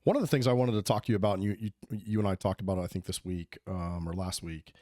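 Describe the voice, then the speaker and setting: A man hosting a podcast, asking halting questions. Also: low-pitched, fairly even intonation, dark tone, no echo, clean studio sound. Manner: halting, repeats words as he asks. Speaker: podcast host. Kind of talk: interview questions.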